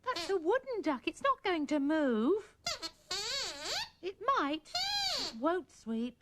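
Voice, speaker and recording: A woman's voice: sits high, sing-song, slow. Coaxing woman presenting a puppet show. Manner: gentle, coaxing, talks to puppets like small children. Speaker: children's TV presenter. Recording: old VHS tape with music and hiss.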